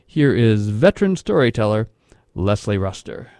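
A man hosting a storytelling show, reading a scripted introduction in a slow, measured way. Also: fairly low pitch, very animated, darkish tone, dry recording, studio quality. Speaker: radio host. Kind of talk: scripted narration.

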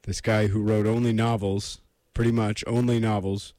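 A man's voice: on the low side, level tone, normal speed, warm tone, no room sound, clean studio sound. An American man hosting a casual solo show, rambling with self-deprecating asides before reading a book aloud. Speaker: podcast host reading aloud.

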